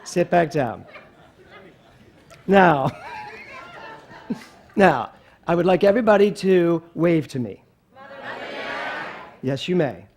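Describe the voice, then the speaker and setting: Lively, high-voiced male pastor. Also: takes it slowly, pauses often, some chatter behind, a little hiss or hum. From Philadelphia, USA. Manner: animated, playful, storytelling. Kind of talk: sermon.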